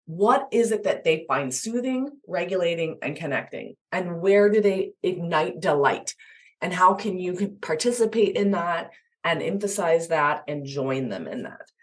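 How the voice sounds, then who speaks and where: A woman guest expert explaining attachment in an interview, animated and acting out little examples. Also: lowish voice, a little slow. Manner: animated, acts out examples in voices.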